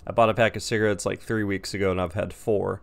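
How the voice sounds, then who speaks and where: A young man vlogs in a casual, rambling rant. His voice sits low with a gravelly rasp, and he swears bluntly as he goes. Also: little pitch movement, fast. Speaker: vlogger.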